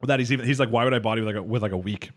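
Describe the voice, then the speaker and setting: A man's voice: mid-range voice, very fast, dry recording, clean studio sound. A man co-hosting a casual anime podcast, rambling through a plot recap with lots of fillers and acting out the characters' lines. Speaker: podcast co-host.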